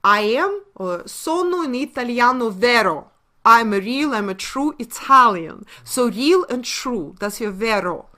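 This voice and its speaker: Presenter: woman, Russian accent, native Russian speaker, bright and fairly high voice, emphatic lecture delivery. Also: animated, measured pace. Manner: emphatic, asks rhetorical questions and answers them. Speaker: webinar presenter. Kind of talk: lecture on word origins.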